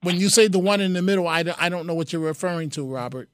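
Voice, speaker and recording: A man's voice: high-pitched, fast, smooth, no echo, studio quality. A man hosting a talk radio call-in show, earnest, often repeating his phrases and taking calls. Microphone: studio mic.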